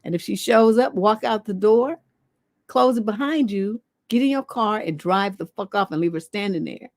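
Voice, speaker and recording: A woman's voice: medium pitch, moderate pace, no room sound, studio quality. Blunt, profane woman relationship coach. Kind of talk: livestream advice show.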